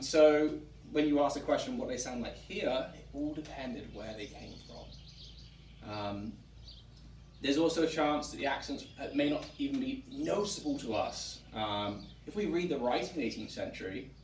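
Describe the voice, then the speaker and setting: A man from England hosting a relaxed chat, explaining at length with frequent ums. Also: mid-range voice, moderate pace. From England (Wiltshire). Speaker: museum director and host. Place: historic tavern room, indoors. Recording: roomy, distant mic, faint background noise.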